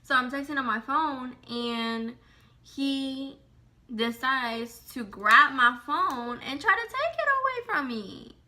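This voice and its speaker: Bright-voiced young woman, animated storyteller. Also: sits high, slow. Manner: animated, slangy, heavy on "like" and swearing. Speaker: vlogger telling a story. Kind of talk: casual storytime.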